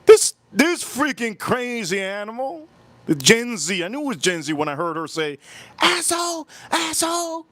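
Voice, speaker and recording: A man hosting a livestream, telling a story in an animated, emphatic way and repeating phrases for effect. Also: high voice, normal speed, dry recording. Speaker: livestream host. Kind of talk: live-stream storytelling chat.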